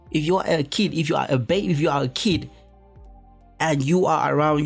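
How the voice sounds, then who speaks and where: A man from Africa, hosting a podcast in a rambling, profane, animated monologue full of restarts. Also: medium pitch, creaky. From West Africa. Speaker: podcast host. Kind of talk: casual monologue.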